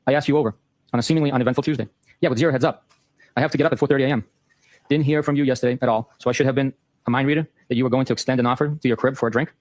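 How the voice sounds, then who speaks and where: A man hosting a show, reading a long exchange of text messages aloud in a brisk, matter-of-fact way. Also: mid-range voice, fairly even intonation, a little mellow, no room sound. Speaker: host.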